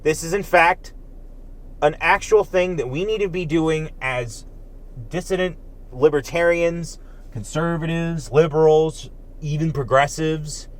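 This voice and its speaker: Male commentator, slightly high voice, heated and profane, hard emphasis. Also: unhurried. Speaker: political commentator. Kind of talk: heated political rant.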